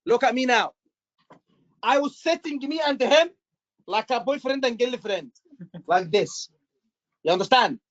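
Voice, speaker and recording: Man, exam tutor, animated, repetitive, muffled lo-fi recording. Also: very high voice, unhurried, long pauses. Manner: animated, repetitive, acts out doctor lines. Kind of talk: live teaching session.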